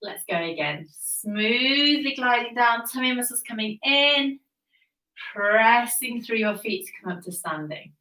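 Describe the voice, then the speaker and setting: A woman's voice: a little high, unhurried, recorded from a distance. Pilates teacher woman in an echoey room. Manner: encouraging, calm cueing with breath counts. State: slightly out of breath. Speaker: Pilates instructor. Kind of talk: guided workout instruction.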